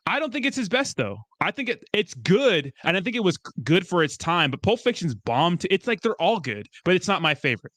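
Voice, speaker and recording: A young man chatting casually as a streamer, rambling and excitable, swearing often and breaking into laughs. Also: sits high, a little fast, few pauses, dry recording, studio quality. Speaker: crypto streamer. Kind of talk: casual chat.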